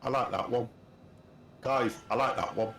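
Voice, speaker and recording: A man's voice: medium pitch, moderate pace, a bit bright. A man in his fifties hosting a livestream, chatting casually and laughing often as he sets up a flight game. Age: 50s. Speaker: livestream host. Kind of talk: casual chat while gaming.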